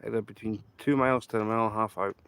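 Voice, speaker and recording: Racing along in a lowish, smooth, slightly bright voice with a steady tone, a Scottish trainspotter livestreams from a railway line outdoors. Holding the camera, he chats casually to viewers, rambling, emphatic and repetitive.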